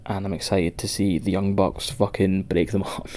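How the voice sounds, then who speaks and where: A man's voice: deep voice, little pitch movement, normal speed, dark tone. A Scottish man co-hosting a wrestling podcast, rambling and swearing as he chats with a friend. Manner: sweary, rambling, laughs a lot. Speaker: podcast co-host. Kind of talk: casual podcast chat.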